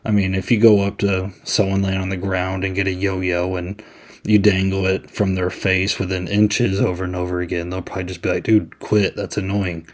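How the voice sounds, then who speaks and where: A man's voice: low voice, completely flat delivery, a little fast. A man hosting a podcast, giving a casual, chatty movie review with many "I mean"s. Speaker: podcast host.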